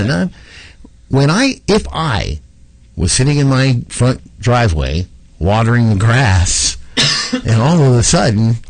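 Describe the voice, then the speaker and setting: A man hosting a talk show, telling a long story in a rambling, animated way with lots of repeats. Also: on the low side, no room sound, rough recording. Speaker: show host.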